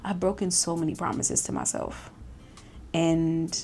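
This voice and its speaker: A woman's voice: low voice, wildly swooping pitch, a little slow, vocal fry, a little mellow, a little hiss or hum. A woman vlogger talking in a casual, reflective way, with many fillers and restarts. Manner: chatty, self-reflective, many fillers and restarts, laughs often.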